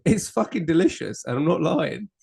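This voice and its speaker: A man's voice: fairly high pitch, lively intonation, moderate pace, gravelly, a little mellow, breathy edge. A man co-hosting a casual drinks podcast, swearing, laughing and teasing his friend. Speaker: podcast co-host. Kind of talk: casual banter over drinks.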